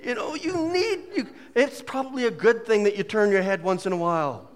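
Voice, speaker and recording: A man preaching a casual, jokey sermon as a pastor, full of folksy asides and quick humor. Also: high-pitched, expressive, in a large hall. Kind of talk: conversational sermon.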